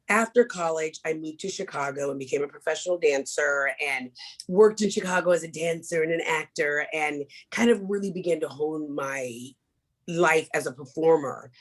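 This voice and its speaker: A woman speaker leading a small group workshop, talking openly and animatedly and getting everyone to repeat affirmations. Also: deep voice. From Kansas. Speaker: motivational speaker. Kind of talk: interactive workshop talk.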